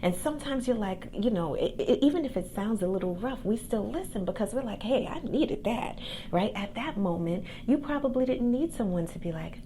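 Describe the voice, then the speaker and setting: A woman hosting a podcast, giving a calm, soft-spoken motivational pep talk about faith and gifts as a coach. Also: medium pitch, a little fast, few pauses, a little hiss or hum. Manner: faith-based encouragement. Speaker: podcast host and accountability coach.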